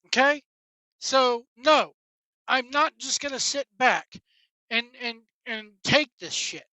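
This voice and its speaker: A woman hosting a wrestling talk show delivers a blunt, profane, exasperated solo rant in a high-pitched, pushed, bright voice. She speaks slowly with lively intonation, and the dry recording sounds dull and lo-fi.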